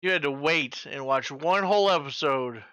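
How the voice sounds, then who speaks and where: A man's voice: on the high side, normal speed, sharp tone, smooth, no echo. A man in his forties hosting a trivia night in casual chat, joking, swearing freely and making sound-effect noises. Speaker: trivia host.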